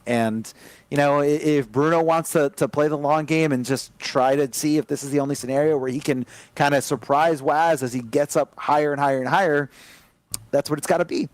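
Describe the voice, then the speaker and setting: A man commentating a fighting game tournament live, excitable and rambling, with frequent restarts. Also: medium pitch, dry recording. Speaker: esports commentator.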